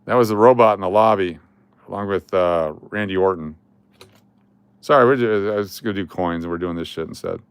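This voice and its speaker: Smooth-voiced man chatting casually and joking. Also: low-pitched, brisk, dry recording. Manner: rambling and joking, with chuckles and trailing restarts. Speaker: coin collecting channel host. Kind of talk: casual vlog chat while scrolling through photos.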